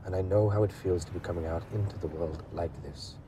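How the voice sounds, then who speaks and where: An actor playing a calm, practical working-class man with a Welsh accent, talking on the phone from a moving car. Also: low voice, lightly acted. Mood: pleading. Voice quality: measured, steady, controlled. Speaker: driver on the phone. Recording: constant car engine hum.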